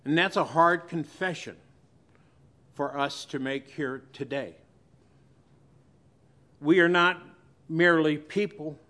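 A male pastor preaching a sermon to his church. He pauses dramatically and swings between loud and hushed delivery. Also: on the high side.

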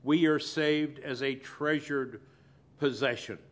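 A man preaching a sermon as pastor, swinging between loud emphasis and quiet, soft asides. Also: mid-range voice, steady tone, slow.

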